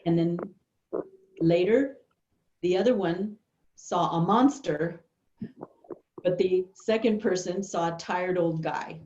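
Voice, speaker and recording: A middle-aged woman giving a workshop talk and telling a personal story, unhurried and thoughtful, pausing often. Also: on the low side, dark tone, slight background noise. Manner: unhurried, thoughtful, with many pauses and fillers. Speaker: workshop speaker. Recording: dull, echoey room recording.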